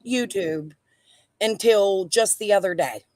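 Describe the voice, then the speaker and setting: A woman joins a livestream panel, her voice mid-pitched and subdued as her sentences trail away. The sound is dry and close, with no room around it. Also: takes it slowly, darkish tone, no room sound. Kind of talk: casual livestream chat.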